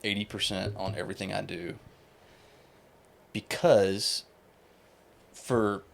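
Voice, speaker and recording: A man's voice: lowish voice, flat delivery, slow, creaky. A man in his thirties, a podcast guest, talking casually and rambling with many restarts and fillers. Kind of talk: casual conversation.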